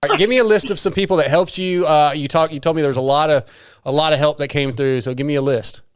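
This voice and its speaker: Smooth-voiced male interviewer. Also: a little high, fairly even intonation, fast, no room sound, studio quality. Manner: short prompts and laughing back-channel replies. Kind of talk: casual interview.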